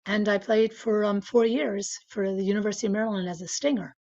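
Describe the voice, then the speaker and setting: A woman's voice: mid-range voice, fairly even intonation, fast, darkish tone, highs cut off. A woman in her sixties, chatting casually as an interview guest, with lots of fillers and frequent laughter. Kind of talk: casual storytelling.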